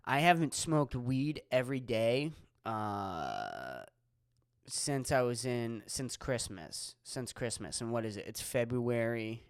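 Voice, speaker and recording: Young man, comic podcast host, casual rambling, swears a lot, smooth resonant voice, close dry sound. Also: mid-range voice, big pitch swings, slow pace, no echo. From Erie, Pennsylvania. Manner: rambling, profane, filler-heavy. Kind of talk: casual solo podcast monologue.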